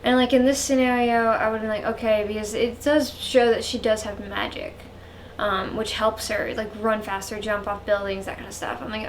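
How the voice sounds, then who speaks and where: A woman's voice: mid-range voice, level tone, moderate pace, slight background noise. A woman reviewing books in a casual vlog, rambling and frank and saying "like" often. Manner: rambling, frank, heavy use of "like". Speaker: book reviewer.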